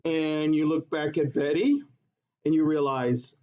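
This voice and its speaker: A male teacher giving a classroom lesson, teasing his students in a joking, animated way. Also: a little high, slow. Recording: dull lo-fi classroom recording.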